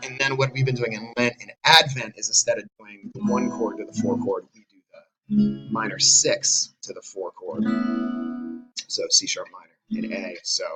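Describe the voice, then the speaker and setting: A man's voice: fairly low pitch, moderate pace, poor audio. A man casually explaining how he leads chanted antiphons for a parish, with guitar in the background. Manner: talks loosely with fillers, breaks into chanting. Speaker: church music director. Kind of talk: casual explanation with sung examples. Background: guitar playing.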